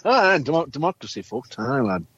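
A man voicing a grumbling old northern English man with a gruff, put-on Northern English accent, swearing constantly. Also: fairly high pitch, sing-song, fairly quick, a bit bright, dull audio, voice pushed up. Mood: ranting. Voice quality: gruff, swearing, ends lines with "lad".

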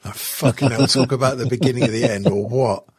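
A middle-aged man hosts a podcast while stoned on edibles, rambling from one thing to the next. He swears freely and giggles between thoughts. His husky voice is recorded dry and close. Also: mid-range voice, fairly even intonation, fast, no room sound. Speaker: podcast host. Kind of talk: casual podcast chat.

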